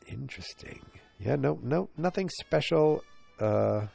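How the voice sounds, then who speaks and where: A man's voice: mid-range voice, expressive, unhurried, creaky, warm tone, husky, soft background music. A man hosting a casual solo podcast from his couch at home, talking into a handheld recorder with a congested, nasal voice and thinking aloud as he chats. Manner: chatty, thinking aloud, easily sidetracked. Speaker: podcast host. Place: living room couch at home.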